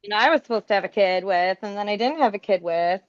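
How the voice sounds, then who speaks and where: A woman's voice: mid-range voice, lively intonation, quick pace. Reflective woman guest, dull lo-fi audio. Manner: reflective, searching for words. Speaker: podcast guest. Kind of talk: casual conversation.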